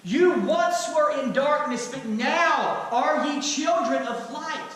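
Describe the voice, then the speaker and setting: A man's voice: very high-pitched, takes it slowly, a bit bright. A man preaching a sermon as pastor, firing rhetorical questions with touches of humor. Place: church sanctuary. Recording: echoey hall, mic at a distance.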